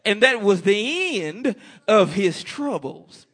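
A preacher delivers a folksy sermon with a high, bright voice. He talks at an unhurried pace but his pitch leaps up and down. He keeps breaking off to call out amen to the congregation. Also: very animated.

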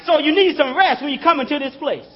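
A man's voice: very high-pitched, quick pace, dull audio. A man preaching a sermon in a conversational style, calling out to the congregation and chuckling as he talks.

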